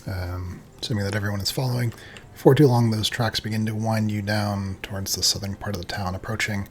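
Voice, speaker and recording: A man narrating as game master of a tabletop game, in a loose, hesitant way full of pauses. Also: lowish voice, fairly even intonation, slight background noise.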